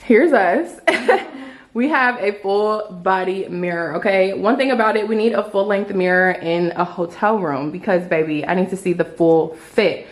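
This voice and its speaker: A young woman vlogging a hotel room tour in an excited, chatty way, full of playful slang, filmed on a handheld phone. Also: medium pitch, moderate pace. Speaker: travel vlogger. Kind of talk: casual vlog room tour.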